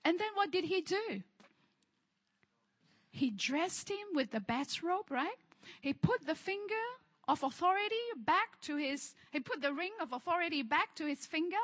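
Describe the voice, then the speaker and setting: A woman preacher with a high, bright, ringing voice delivers a fervent sermon. She leads the congregation in call-and-response, rising to shouts and then dropping to hushed storytelling. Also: very animated, measured pace, long pauses.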